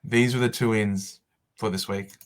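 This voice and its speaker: A man in an excited, over-the-top emotional vlog monologue, with shouts and dramatic pauses. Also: fairly low pitch. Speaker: fantasy football vlogger.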